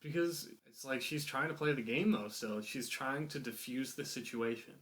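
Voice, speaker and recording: A man's voice: medium pitch, normal speed, fairly bright tone. Man co-hosting a casual podcast. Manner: conversational, analytical comments and questions. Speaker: podcast co-host.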